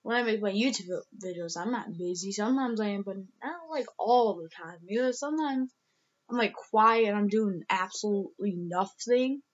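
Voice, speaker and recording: A woman's voice: medium pitch, normal speed, muffled recording. A young woman vlogging casually, rambling with lots of "like" and restarts, emotional and close to tears. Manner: rambling, heavy use of "like", many restarts. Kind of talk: casual vlog talk.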